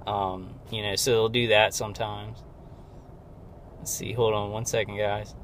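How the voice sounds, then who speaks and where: A man giving a rambling personal video update from inside his car, halting with many fillers and restarts, strained and close to tears. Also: fairly low pitch, level tone, fairly bright tone, slight background noise. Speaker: video diarist.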